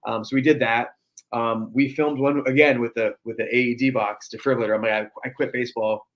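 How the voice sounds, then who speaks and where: A man's voice: medium pitch, steady tone, quick pace, poor audio. Chatty New man telling stories. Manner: chatty storyteller, many fillers. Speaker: podcast guest. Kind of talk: casual podcast conversation.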